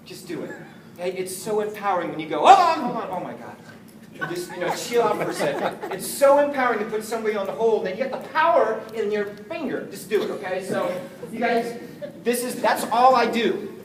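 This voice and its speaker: Energetic man coaching a room, echoey. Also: high-pitched, fairly quick, far from the mic. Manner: energetic, jokey, acts out phone calls. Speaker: sales trainer. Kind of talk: motivational training talk. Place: meeting room with an audience. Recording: echoey room, voice from afar, faint noise.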